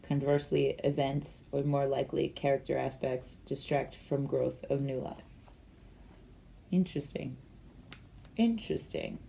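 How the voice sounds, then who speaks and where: A woman giving a casual, meandering rune and tarot reading, talking slowly with many fillers. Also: very deep voice, completely flat delivery, creaky, warm tone, a little hiss or hum.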